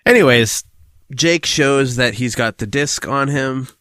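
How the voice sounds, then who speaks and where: A man's voice: mid-range voice, unhurried, pushed and bright, clear, resonant tone, no echo, clean studio sound. A man co-hosting a podcast, recapping a show in casual chat, swearing and laughing as he rambles. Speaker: podcast co-host.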